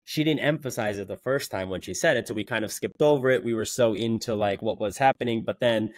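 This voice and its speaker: A man's voice: fairly low pitch, brisk, dry recording. A young man, a co-host, chatting casually and recapping a show with lots of fillers. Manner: loose, filler-heavy recap talk. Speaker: co-host, former contestant. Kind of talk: casual chat.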